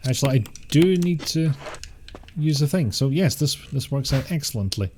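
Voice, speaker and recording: A man's voice: medium pitch, lively intonation, moderate pace, darkish tone, slight background noise. Dry-humored British man streaming a game. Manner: dry, self-mocking, mutters to himself. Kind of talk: casual gameplay commentary. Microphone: close mic with voice compressor. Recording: game music behind.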